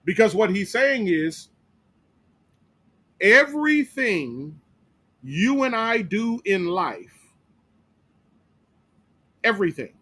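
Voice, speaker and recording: Male pastor, higher than usual voice, teaching Bible study in church, emphatic, repetitive, checks in with "right?". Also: big pitch swings, slow pace, long pauses, a bit bright.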